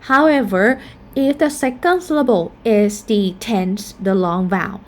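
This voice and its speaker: Slow, careful woman teaching phonetics. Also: mid-range voice. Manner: explanatory, repeats example words slowly. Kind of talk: casual recorded lesson.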